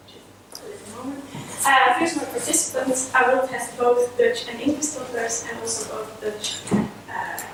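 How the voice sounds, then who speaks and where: High-voiced woman presenting in an echoey hall. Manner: hesitant, with frequent fillers and apologetic asides. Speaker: conference presenter. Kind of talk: academic presentation. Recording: echoey hall from far off with noise.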